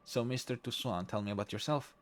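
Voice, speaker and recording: A cautious Irish investigator, read out by a man in a low, everyday voice. He asks plain, direct questions and probes the people around him. Heard as game dialogue read aloud. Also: quick pace, natural voice. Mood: questioning. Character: male Irish investigator, wary and curious.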